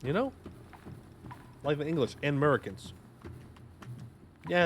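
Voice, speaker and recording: A man's voice: a little high, animated, unhurried, a little hiss or hum. A man streaming a game live, chatting casually and joking while answering his chat.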